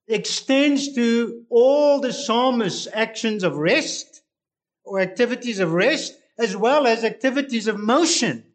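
High-pitched guy preaching a sermon, real slow and deliberate, leans hard on key words. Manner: slow, deliberate expository preaching with emphatic stresses.

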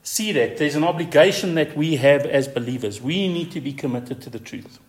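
A male pastor delivering a sermon with emphatic force. His voice sits a little high and rises sharply when he drives a word home. He repeats key words to stress them. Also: normal speed.

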